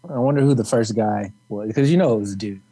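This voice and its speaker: A man co-hosting a comedy podcast, cutting in with short teasing, deadpan jokes in casual chat. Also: lowish voice, slightly rough. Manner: teasing, quick deadpan interjections. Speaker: podcast co-host.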